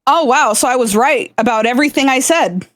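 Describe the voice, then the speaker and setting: A woman's voice: sits high, fairly quick, a bit bright, no room sound. A woman streamer chatting casually, blunt and laughing often, swearing freely. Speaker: streamer guest.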